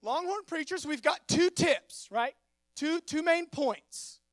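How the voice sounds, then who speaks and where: A young man, his voice sitting unusually high. He stumbles and repeats words as he jokes with the congregation. The stage microphone sounds dry and close. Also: takes it slowly, a bit bright, dry recording. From Texas. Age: 20s. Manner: stammering, repeats words, friendly and joking. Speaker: youth pastor. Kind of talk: sermon with casual storytelling. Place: church.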